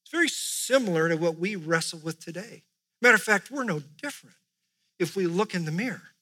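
A male pastor preaching, reading scripture aloud with rising emphasis and dropping to soft, quiet asides. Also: high-pitched, expressive, fairly quick. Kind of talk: sermon.

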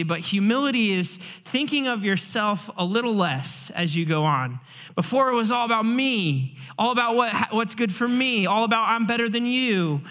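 High-voiced man preaching earnestly. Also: fairly bright tone. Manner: earnest, conversational preaching with fillers and acted asides. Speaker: pastor. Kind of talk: sermon.

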